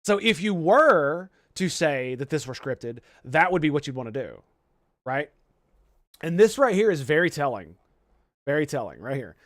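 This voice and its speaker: A young man with a somewhat high voice, riffing in casual commentary. He rambles, swears freely and keeps restarting his sentences. The sound is dry and close. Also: very animated, moderate pace, dry recording. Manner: rambling, profane, many restarts. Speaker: streamer host.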